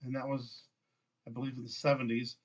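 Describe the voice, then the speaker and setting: A man reads scripture aloud at home with a middle-pitched, everyday voice. He goes through each verse slowly and steadily, now and then stumbling over a name. Between passages he stops to make a few plain comments. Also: level tone, rough recording. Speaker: bible reader.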